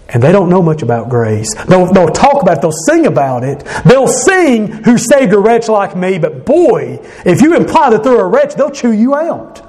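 A man's voice: a little high, a little mellow. A pastor, a man, delivers an emphatic sermon in a slightly raised voice. He speaks earnestly and conversationally, with frequent restarts and self-corrections.

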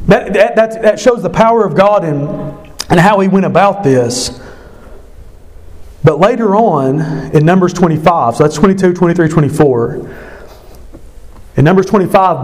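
A man's voice: sits high, darkish tone. A man retelling a scripture story to an evening Bible study, conversational and emphatic. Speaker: Bible teacher.

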